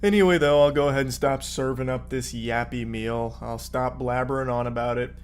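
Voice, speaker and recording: A man's voice: medium pitch, steady tone, a little fast, clear, resonant tone. A man hosting a casual video commentary, rambling through jokes and mock-serious asides. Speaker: commentary host. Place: Florida home.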